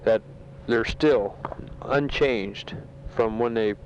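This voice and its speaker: In a war zone, a man records a casual letter home from his sandbag bunker. He speaks in a mid-range, darkish voice, matter-of-fact yet halting and full of fillers, on a dull home tape that carries a little hiss or hum.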